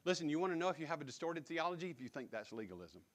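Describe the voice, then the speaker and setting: A man's voice: on the high side, sing-song, rapid-fire. A man preaching a sermon as pastor, emphatic, repeating key words and putting direct questions to the congregation. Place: church sanctuary.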